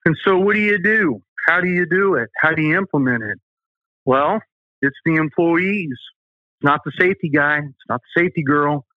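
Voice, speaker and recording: The voice is a little high and moves at a moderate pace, recorded dry over a tinny, phone-like line. It belongs to a Southern US man who owns a safety company, telling folksy, emphatic stories in an interview.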